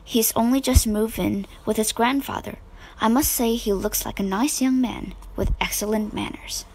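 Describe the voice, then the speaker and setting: A woman reader voicing a calm, gentle mother in a storybook reading, in a soothing, steady manner. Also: on the high side, moderate pace, breathy edge, low-quality recording.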